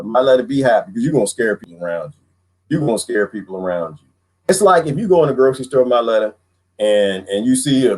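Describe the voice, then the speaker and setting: A man's voice: medium pitch, breathy edge. A man hosting a casual livestream, ranting comically to viewers, laughing often and repeating himself. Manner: laughs often, slips into mocking voices. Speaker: livestream host. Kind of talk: casual comedic rant to viewers.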